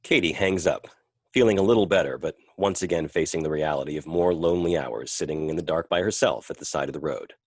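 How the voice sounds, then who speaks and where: A male narrator with a very deep voice tells the story in a calm, measured way. The sound is close and dry. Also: no room sound. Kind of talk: scripted narration.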